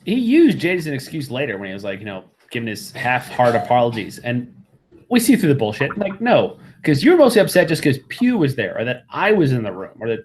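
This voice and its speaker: Heated, lively man ranting on a podcast. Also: mid-range voice, fairly quick, slight background noise. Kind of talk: casual podcast chat.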